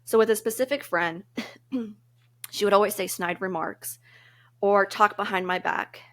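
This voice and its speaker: A woman's voice: medium pitch, unhurried. Earnest woman giving casual advice. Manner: earnest and reflective, laughs easily. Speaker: podcast co-host.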